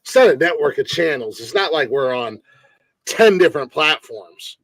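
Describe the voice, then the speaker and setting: A man hosting a casual comedy news podcast, relaxed and joking, rambling with fillers. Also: fairly high pitch, moderate pace, dry recording, poor audio. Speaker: podcast host.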